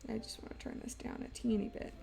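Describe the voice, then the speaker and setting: A young woman streaming while she draws, chatting in a rambling, emotional way, laughing often and swinging from loud exclaims to quiet asides. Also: quick pace, soft background music. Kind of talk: casual stream chat while drawing.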